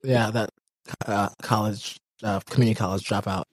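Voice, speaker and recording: A man's voice: on the low side, fairly even intonation, normal speed, dry recording, studio quality. A man co-hosting a podcast in a casual chat, teasing his co-host and stammering through restarts as he argues.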